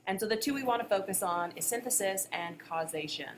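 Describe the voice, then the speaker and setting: A woman's voice: mid-range voice, brisk, noisy background. A woman co-hosting a history podcast, explaining events in a conversational way. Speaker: history teacher, podcast co-host. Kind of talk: educational podcast discussion.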